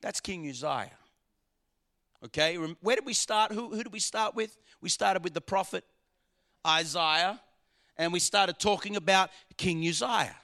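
A man preaching a sermon, swinging dramatically between shouted lines and hushed ones. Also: high voice, unhurried.

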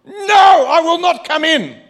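A man acting out a resentful, furious young elder son who shouts indignant complaints. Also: medium pitch, animated, fairly quick.

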